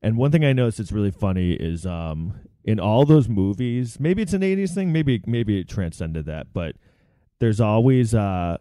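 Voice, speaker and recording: Casting: chatty male podcast host, lively pitch, rambling storyteller. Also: moderate pace, no room sound, clean studio sound. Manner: rambling, animated storytelling with quoted voices. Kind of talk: casual chat.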